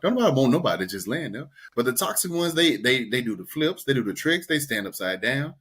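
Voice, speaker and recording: Man, podcast co-host, casual chat, frank, anecdotal, relaxed, medium pitch. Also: fairly quick, breathy edge.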